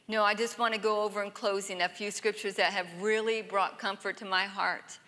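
A woman's voice: mid-range voice, level tone, brisk, bright, forceful tone. A woman preaching a sermon in a church, emphatic, often asking "Amen?" and having the congregation repeat verses after her. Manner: emphatic, repeats lines and has the crowd say them back. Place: church sanctuary. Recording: church hall with long reverb.

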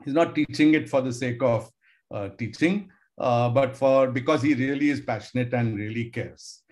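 A man's voice: mid-range voice, normal speed, darkish tone. Older man telling school stories. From India. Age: 60s. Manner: conversational, musing, with hedging fillers. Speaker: professor giving a talk. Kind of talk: storytelling lecture to students.

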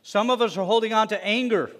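A man preaching a sermon to his congregation, animated, swinging between loud emphasis and hushed asides. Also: sits high, fairly quick. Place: synagogue sanctuary. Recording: long reverb of a worship hall.

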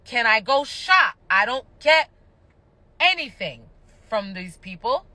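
A woman's voice: on the high side, big pitch swings, takes it slowly, pushed and bright, no room sound. A woman ranting on a livestream, passionate, annoyed and cursing, talking indoors at home into a phone. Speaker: reality TV personality going live. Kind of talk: livestream rant.

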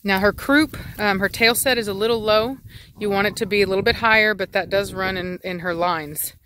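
A woman's voice: mid-range voice, a little fast, pushed and bright, a little hiss or hum. A woman dog breeder talking casually outdoors, rambling with many fillers and restarts. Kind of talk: casual outdoor vlog chat. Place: outdoors in a yard with dogs.

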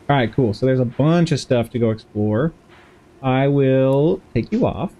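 A man's voice: mid-range voice, big pitch swings, takes it slowly, mellow. A man playing a video game and chatting through it in a playful, rambling way, giggling and talking to the characters on screen. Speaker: gameplay streamer. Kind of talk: casual game commentary.

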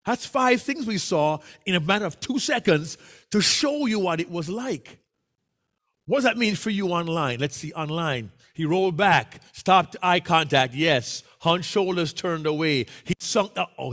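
A man's voice: high voice, animated, measured pace, a bit bright. A man from Jamaica with a Jamaican accent, leading an interactive speaking workshop and coaxing answers from the audience. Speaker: workshop presenter. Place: meeting room with a hybrid online audience.

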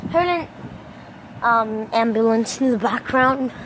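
A woman vlogging casually on her phone outdoors, playful and excitable, making silly sound effects and letting out sudden yelps. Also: fairly high pitch, slow. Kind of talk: casual vlog commentary. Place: outdoors in a storm. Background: thunder and rain noise.

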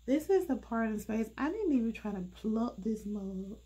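With a dark tone and big swings in pitch, this slightly high-voiced woman hosts a relaxed wig review channel. Her nose sounds stuffed and sinus-blocked, and she chats along at an easy pace, full of filler words.

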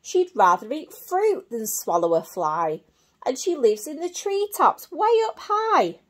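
A woman reading as a little storybook monkey, insistent and exasperated, loud and lively. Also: sits high, unhurried. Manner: insistent, exasperated repeated denials. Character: small young monkey searching for its mum.

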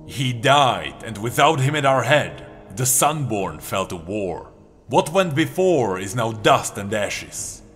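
A man's voice: medium pitch, sing-song, slow, a bit bright, husky, faint music behind, pitched below the performer's own voice, exaggerated voice. A man voicing a bitter, blunt male warrior god who snaps and snarls his lines in a storybook reading. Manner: curt, snarling.

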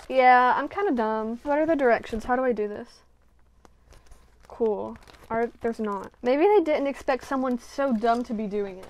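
A woman's voice: on the high side, moderate pace. A woman vlogging casually from her bedroom as she works on a craft project. She mutters to herself, runs herself down and swears freely. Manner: self-deprecating, swearing, muttering to herself while working.

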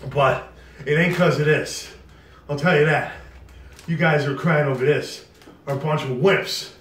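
A man's voice: fairly high pitch, fairly even intonation, normal speed, fairly bright tone, roomy sound, recorded from a distance, slight background noise. A man vlogging a food challenge to camera, breathless and strained from the heat, bragging between sighs. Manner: strained and breathless after eating hot food, boastful. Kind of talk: casual talk to camera.

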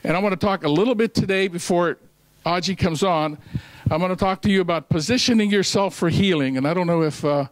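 A man's voice: high voice, brisk, dry recording, rough recording. A man preaching a sermon at a ministry meeting, telling a folksy story and quoting scripture, with restarts along the way. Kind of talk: sermon with a joke told along the way.

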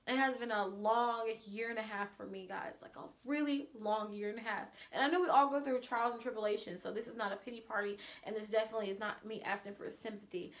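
A woman speaks in a slightly high voice, chatting to her viewers in a casual personal vlog. She sounds earnest and open, like she is confiding in them, and at moments she gets emotional. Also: steady tone, fairly quick. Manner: earnest, confessional, at times emotional. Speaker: vlogger.

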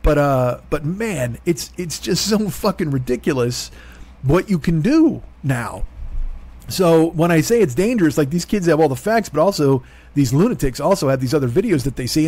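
A man's voice: on the high side, lively intonation, moderate pace, darkish tone, breathy edge. A man in his forties hosting a solo comedy monologue, ranting in a profane, rambling, exasperated way. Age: 40s. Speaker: comedian host.

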